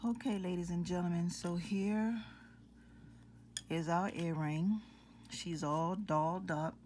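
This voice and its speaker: A woman with a low voice walks viewers through a jewelry craft one step at a time, speaking slowly and calmly. She keeps calling her audience ladies and gentlemen. Faint noise sits under the recording. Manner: calm, instructive, addresses viewers as ladies and gentlemen. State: out of breath. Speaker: jewelry-making tutorial host.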